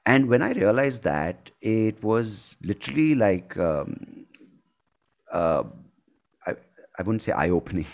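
A man hosts a conversational interview and speaks reflectively and earnestly about his own experience. His voice sits on the lower side for a man. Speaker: host.

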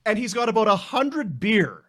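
A man's voice: sits high, big pitch swings, normal speed, no echo. Chatty Canadian man, dry studio sound. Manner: storytelling, laughs often, trails off softly. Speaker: sports podcast co-host. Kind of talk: casual chat and live ad read. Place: small podcast studio. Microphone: studio mic.

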